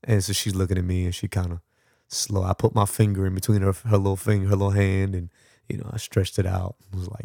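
Low gravelly man telling a story. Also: fast, no room sound, clean studio sound. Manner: animated storyteller, acts out dialogue, laughs often. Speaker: podcast host. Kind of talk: personal storytelling.

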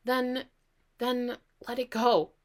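A woman co-hosting a parenting podcast, telling stories in an animated, chatty way and laughing easily. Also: on the high side, slow pace. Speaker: podcast co-host. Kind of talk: casual conversation.

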